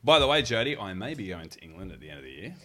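A man's voice: deep voice, racing, a crowd in the background. A man, co-hosting a casual chat, teasing and telling stories. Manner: teasing, animated storyteller. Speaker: co-host. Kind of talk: casual chat reading comments.

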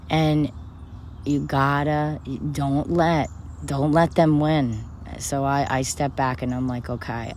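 A woman with a notably low voice talks about God and forgiveness, emphatic and personal, sometimes preachy. A faint hiss sits under her voice. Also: darkish tone. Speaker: spiritual speaker. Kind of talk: spiritual talk to camera.

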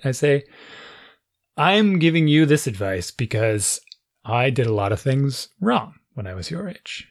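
A man in a casual chat, telling a story with animated quoted dialogue and frequent laughter. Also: on the high side, normal speed, long pauses.

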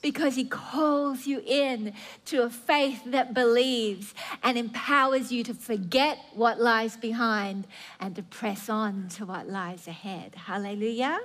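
Woman preacher, high voice, unhurried, earnest and emphatic delivery with occasional restarts. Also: steady tone, a bit bright. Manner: earnest, emphatic, drawn-out phrases with stammering restarts. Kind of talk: sermon.

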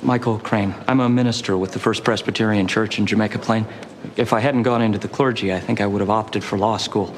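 A polite, oddly eager minister in a TV drama, played by a man. He sounds mild and probing in a fairly low voice. A faint background hum sits under him. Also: fairly even intonation, brisk, lightly acted. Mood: polite curiosity.

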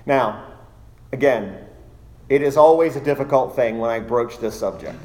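A man delivers a sermon-style Bible study in an ordinary mid-range voice. He is emphatic, slowing down to stress and repeat key words. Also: medium pitch, a little mellow. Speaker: pastor teaching a study.

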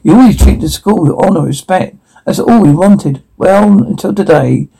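A man's voice: high voice, animated, moderate pace, vocal fry, dark tone, slightly rough, full character voice, low-quality recording. A man playing a creepy devoted cellar-dweller. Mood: creepy devotion. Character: obsessive lonely young man living in a cellar.

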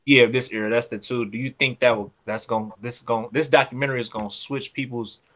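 A man's voice: mid-range voice, fairly even intonation, fast, crowd noise. Podcast co-host, man, emphatic questioning delivery, casual profanity. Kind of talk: casual chat.

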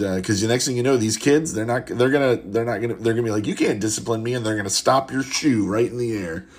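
Guy with a husky voice doing sarcastic podcast bits, keeps cracking himself up. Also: mid-range voice. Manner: sarcastic, mocking, laughs often. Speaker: podcast host. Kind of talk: comedic podcast riffing on memes.

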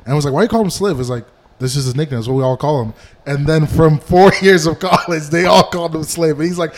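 A man with a slightly high voice recounts stories on a comedy podcast. He talks casually and profanely, slipping into the voices of the people he quotes. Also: steady tone. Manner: quick anecdotal storytelling, profane, acts out quotes. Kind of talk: casual chat.

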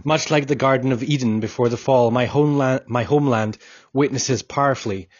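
A man narrating an audiobook in a solemn, measured first-person reading. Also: mid-range voice, no echo. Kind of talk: scripted narration. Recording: dull, dry audiobook recording.

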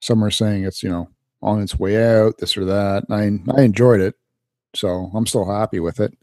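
A laid-back man co-hosts a podcast with casual chat and brief replies. His lowish, darkish voice has fairly even intonation at a normal speed, recorded in clean studio sound without room sound.

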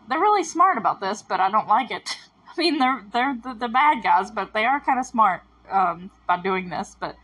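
A woman's voice: fairly high pitch, fairly bright tone, slightly rough, poor audio. A woman hosting a casual podcast, recapping a show episode in a chatty, exasperated way, laughing often and going off on tangents. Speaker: podcast host.

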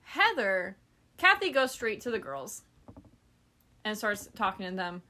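There's an unhurried, mid-range quality to this woman's voice as she hosts a podcast and spins a casual story. Animated throughout, she imitates the people she quotes and curses without much thought.

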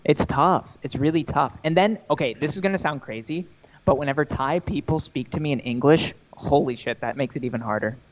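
A young man in casual podcast chat, rambling and animated, swearing freely as he tells stories. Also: fairly high pitch, fairly quick, muffled recording. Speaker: podcast co-host.

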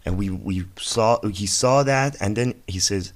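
Low-voiced young man rambling casually. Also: unhurried. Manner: rambling, profane, jokey storytelling. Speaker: podcast host. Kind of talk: casual solo podcast monologue.

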